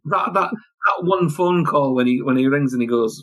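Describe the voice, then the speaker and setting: A British man guesting on a podcast, chatting excitably about films with many repeated words and restarts. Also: medium pitch, moderate pace. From Britain. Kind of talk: casual film chat.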